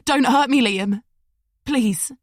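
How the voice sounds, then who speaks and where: A woman voicing a frightened young female captive with a London accent, pleading in a high, tearful voice. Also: takes it slowly, no echo, clean studio sound.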